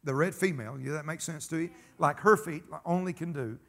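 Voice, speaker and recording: A man's voice: on the high side, fairly quick, a bit bright. A man preaching a sermon, folksy and emphatic, telling stories and calling for amens. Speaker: pastor.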